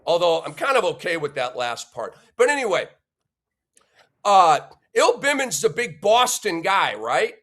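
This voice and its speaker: A man hosting a sports podcast launches into an emphatic, opinionated rant, punctuating his points with a questioning "okay?" and speaking bluntly and insultingly about his critics. His voice is high, bright and forceful, with big pitch swings, at a normal speed.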